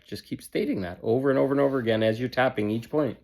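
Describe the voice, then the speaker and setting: A man's voice: medium pitch, fast talker, a little mellow. A man giving a motivational self-help talk in an emphatic, repetitive and blunt way, with casual swearing.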